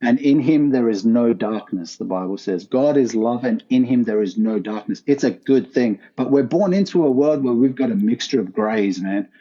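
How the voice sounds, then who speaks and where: A man's voice: mid-range voice, moderate pace, hardly any pauses, dark tone, muffled recording. A man, a podcast guest telling a raw personal story in an earnest, intense way with casual slang. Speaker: podcast guest, former pro skateboarder. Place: his art gallery, remote call.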